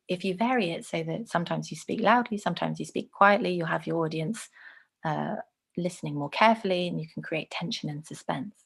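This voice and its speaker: A woman gives an online lesson in a slightly low voice with a gravelly edge. She explains at length, leaning on plenty of fillers as she goes. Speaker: teacher.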